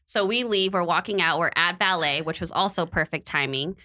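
A woman's voice: on the low side, fairly quick. A young woman casually telling a dating story on a podcast, acting out the quotes and laughing as she goes. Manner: animated, acts out quotes, laughs often. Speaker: podcast co-host.

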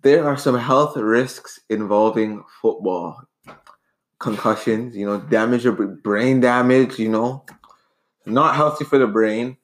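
A man's voice: medium pitch, unhurried. Regular guy debating sports, earnest, keeps restarting his sentences. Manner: earnest, rambling, many restarts. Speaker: debate co-host. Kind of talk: casual debate chat.

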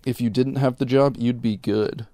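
A man's voice: medium pitch, steady tone, moderate pace, warm tone, dry recording, clean studio sound. A young man co-hosting a podcast, chatting easily and calling his friend "man" and "dude". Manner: easygoing, says "man" and "dude" a lot. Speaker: podcast co-host. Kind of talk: casual chat.

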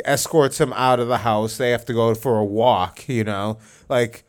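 Rambling male podcast host, smooth voice. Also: medium pitch. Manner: rambling storyteller, many fillers and restarts. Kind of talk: casual podcast chat.

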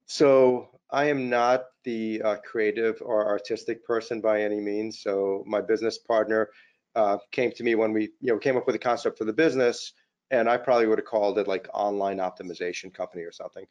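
A middle-aged man, a podcast guest, tells anecdotes in a modest, easygoing way, leaning on "you know" and filler words. His voice is at a middling pitch, and the audio sounds slightly dull and lo-fi. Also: fairly even intonation, a little fast, a little mellow. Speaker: company CEO guest. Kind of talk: casual interview storytelling.

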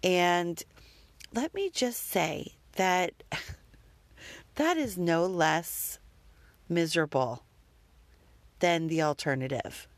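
A woman's voice: on the low side, expressive, extremely slow, pauses often, no echo. A woman talking candidly about parenting in a rambling, self-critical monologue with the odd curse word. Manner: rambling, self-deprecating, occasionally profane.

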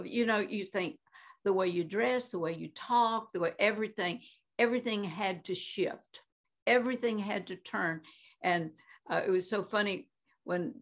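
A woman in her eighties, a Christian minister and guest, telling stories in conversation with many fillers and frequent laughs. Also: mid-range voice. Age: 80s. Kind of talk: animated storytelling in conversation.

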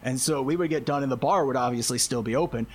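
A man's voice: mid-range voice, quick pace. A man casually telling a wild story, swearing constantly, laughing often and acting out what people said. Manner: animated, laughing, heavy swearing, acts out quotes.

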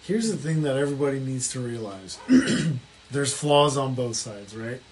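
A man co-hosting a casual political chat podcast, speaking in a measured way that hedges and repeats itself. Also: medium pitch, expressive, slight background noise. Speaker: podcast co-host.

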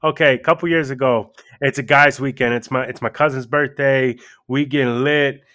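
A man telling stories in loud, animated, swear-heavy casual podcast banter. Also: medium pitch, moderate pace, no room sound, studio quality. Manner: animated storyteller, swears a lot.

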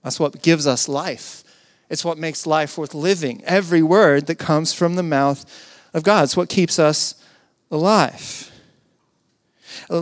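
A man preaching a sermon, earnest, asking rhetorical questions and dropping to hushed tones. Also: fairly high pitch. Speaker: pastor.

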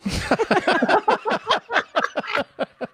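A man's voice: extremely high pitch, very animated, extremely slow, pushed and bright, no room sound, studio quality. A man casually reacting to clips with a co-host, making crude jokes. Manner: crude, joking. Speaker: clip reaction commentator.

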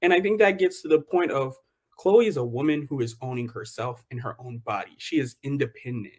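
A young man with a mid-pitched voice co-hosting a relaxed talk show. He speaks bluntly and expressively, slipping into mocking imitations as he talks. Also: a little fast. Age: young adult. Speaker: co-host. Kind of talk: casual podcast chat.

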